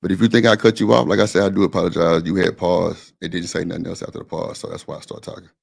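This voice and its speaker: A man's voice: low-pitched, level tone, quick pace, vocal fry, breathy edge. A man hosting a casual live-stream panel, talking in a blunt, defensive, slangy way.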